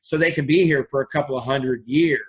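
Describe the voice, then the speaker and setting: A man's voice: mid-range voice, fairly quick, muffled recording. A man, a guest on an interview show, telling long stories in an earnest, rambling way. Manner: earnest, rambling, acts out quoted dialogue. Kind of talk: conversational storytelling.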